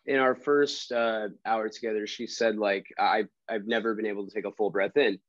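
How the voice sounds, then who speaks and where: A man, a trainer, talking casually and hesitantly about a client, with many pauses and fillers. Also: on the low side, fairly even intonation, no room sound, lo-fi sound. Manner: hesitant, full of fillers and restarts. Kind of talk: casual conversation.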